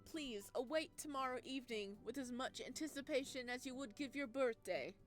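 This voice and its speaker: A man's voice: very high voice, brisk, faint music behind. A woman voicing a flamboyant male restaurant owner in a put-on vaguely Italian accent, grandiose and flowery. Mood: effusive.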